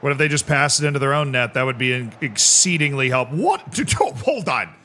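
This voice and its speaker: A man streaming a football management game live, reacting excitably to the match and joking with his chat. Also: medium pitch, a little fast. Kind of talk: live gameplay commentary.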